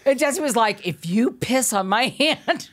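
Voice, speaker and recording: A middle-aged woman telling an animated story as a podcast guest, laughing often, swearing and acting out quotes. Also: high voice, takes it slowly, very noisy.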